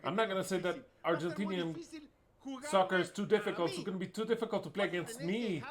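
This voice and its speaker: A man's voice: high voice, fast. A man on an angry, profane rant, speaking with heat and scorn. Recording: crowd audible behind.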